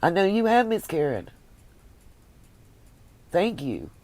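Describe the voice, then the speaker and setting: A woman with a Southern US accent hosting a casual livestream, chatting warmly and thanking viewers by name. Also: on the low side, huge pitch swings, slow pace, no echo. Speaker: livestream host reading viewer comments. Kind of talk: casual chat.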